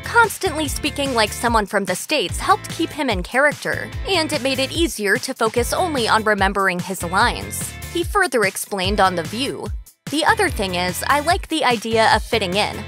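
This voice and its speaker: A woman narrating a scripted entertainment video in a brisk, polished voice-over. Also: on the high side, sing-song, music in the background. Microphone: close studio voice-over mic.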